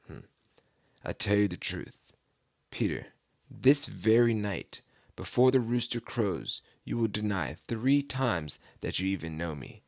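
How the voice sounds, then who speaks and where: A man's voice: fairly low pitch, lively intonation, a little slow, gravelly, dry recording, studio quality. A man reading Jesus, solemn and grave. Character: Jesus, solemn grown man teaching his followers.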